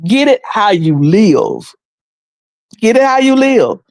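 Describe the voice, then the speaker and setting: Lively woman livestreamer, dry close sound. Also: on the high side, takes it slowly, no echo. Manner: lively, colloquial and preachy, often laughing. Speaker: livestream host. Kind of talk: casual livestream commentary.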